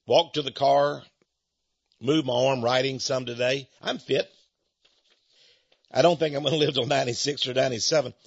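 A man's voice: medium pitch, steady tone, normal speed, creaky, pauses often, slightly rough, no echo, lo-fi sound. A middle-aged man hosting a rambling talk-radio monologue in a folksy, confiding way, chuckling between points.

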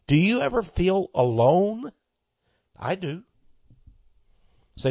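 A husky-voiced man preaches on his own radio ministry show, reading listener mail and answering in a homespun, earnest manner. He builds to fervent, rising exclamations. The sound is dry and close, with a dull, lo-fi broadcast quality. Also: a little high, expressive, normal speed, long pauses, a little mellow, dry recording.

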